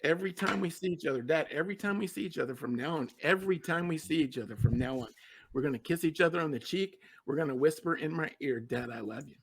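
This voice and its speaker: There's a little hiss or hum as a middle-aged man with a slightly high voice speaks quickly. He's a success coach on a podcast, sharing a personal story earnestly and emotionally, repeating words to stress them.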